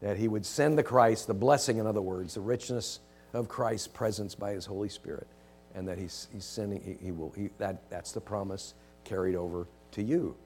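A man preaching a sermon, rushing through it with many restarts, rising to emphatic quoted lines and dropping low and quiet. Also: soft background music. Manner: hesitant restarts, rushed.

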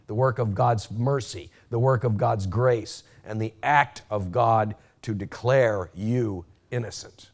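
A male preacher with a mid-range voice delivers a teaching sermon. He talks with restarts and fillers, climbs high and loud when acting out quotes, then sinks to a near murmur for weight. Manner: emphatic, rising sharply when quoting, dropping low and quiet at key points.

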